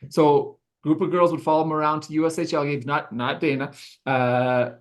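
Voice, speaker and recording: A man's voice: fairly high pitch, little pitch movement, normal speed. A man hosting a podcast, chatting and telling rambling stories full of fillers. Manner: rambling, filler-heavy storytelling. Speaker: podcast host. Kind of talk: casual chat.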